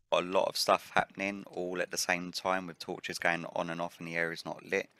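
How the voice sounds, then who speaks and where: A man hosting a game let's play, relaxed and thinking aloud while he builds, his voice a little rough from the early morning. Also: deep voice. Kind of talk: casual gameplay commentary.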